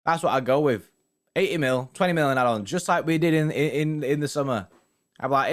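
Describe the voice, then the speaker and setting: A man's voice: mid-range voice, brisk. A young man hosting a casual football fan live stream, bantering loosely with viewers and reading out their comments. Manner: chatty, laid-back banter with frequent "mate" and "innit". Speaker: football fan channel host.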